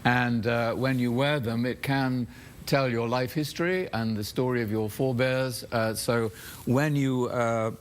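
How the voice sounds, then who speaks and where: A man's voice: medium pitch, fairly even intonation, unhurried. A man appearing as a guest on a late-night show, telling stories with a dry, amused manner. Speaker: guest actor. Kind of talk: talk show interview. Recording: TV studio with loud background noise.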